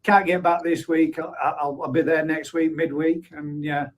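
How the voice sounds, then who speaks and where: A man's voice: on the high side, flat delivery, normal speed, rough recording. A man in his forties hosting a live stream, chatting casually and reading out viewer comments, blunt, with offhand swearing and frequent laughs. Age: 40s.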